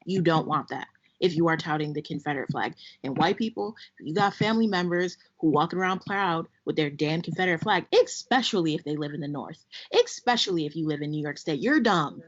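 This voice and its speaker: A woman co-hosts a podcast, making her points in an emphatic, deliberate rant. Her voice is very low for a woman. The sound is dull and lo-fi. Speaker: podcast co-host. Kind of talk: casual podcast chat.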